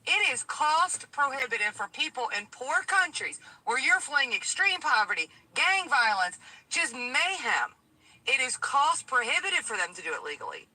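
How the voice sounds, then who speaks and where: Animated high-voiced woman caller. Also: moderate pace, low-quality recording. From Tennessee. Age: late 40s. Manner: emphatic, storytelling, animated. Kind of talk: call-in show conversation.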